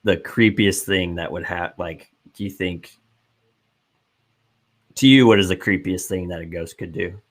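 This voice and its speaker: A man's voice: sits low, unhurried, pauses often. A man co-hosting a podcast in casual chat, rambling and restarting his sentences. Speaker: podcast co-host.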